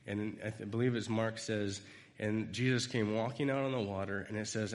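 Low-voiced man preaching in a hall. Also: moderate pace. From United States. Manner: conversational, rambling, acts out quoted lines. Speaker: speaker giving a devotional talk. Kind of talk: informal sermon with personal stories.

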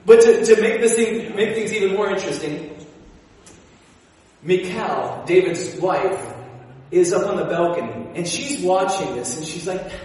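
A male pastor preaching a sermon, telling stories with animated energy and dropping into quiet emphasis. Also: sits high, a little slow. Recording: echoey hall from far off.

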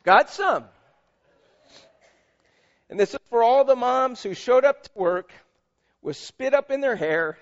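A man's voice: very high voice, lo-fi sound. A man preaching a sermon as pastor, emphatic and conversational, with asides to the congregation.

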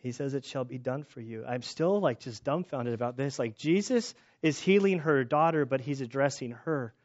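Animated casual male preacher, dull recording. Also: medium pitch, moderate pace. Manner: casual, animated, self-deprecating jokes, many restarts. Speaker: pastor. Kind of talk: sermon. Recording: slightly dull lo-fi sound.

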